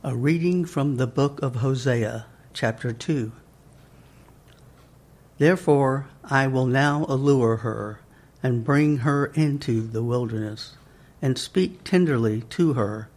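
A man reading a scripture passage aloud in a deliberate liturgical style. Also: medium pitch, a little mellow. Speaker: scripture reader.

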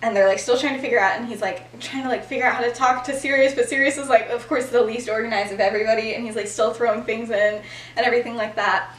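A woman's voice: on the high side, fairly even intonation, quick pace. A young woman retelling a story to a friend on a podcast, chatty and full of "like" fillers, laughing as she goes. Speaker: podcast host. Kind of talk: casual storytelling. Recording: roomy sound from far off.

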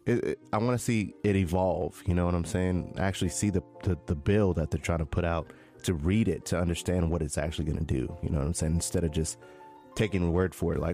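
Deep-voiced laid-back male co-host. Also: fast talker, gravelly, soft background music. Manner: relaxed, hesitant, repeats "you know what I'm saying". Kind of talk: casual crypto news chat.

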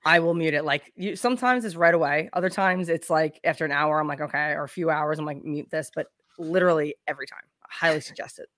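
Blunt, lower-voiced woman podcast guest. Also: quick pace, hardly any pauses, a bit bright, no echo, studio quality. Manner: blunt, opinionated, sweary. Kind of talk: casual podcast chat.

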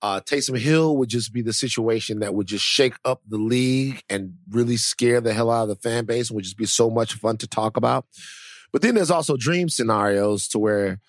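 A man co-hosting a podcast, talking casually in a rambling, animated, self-mocking way. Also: medium pitch, moderate pace, no room sound, studio quality. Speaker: podcast co-host. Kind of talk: casual chat.

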